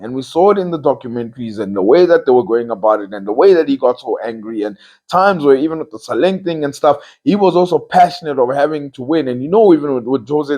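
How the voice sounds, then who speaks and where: A man's voice: medium pitch, darkish tone. A man hosting a football talk show, giving casual opinion commentary with emphatic, repeated phrases.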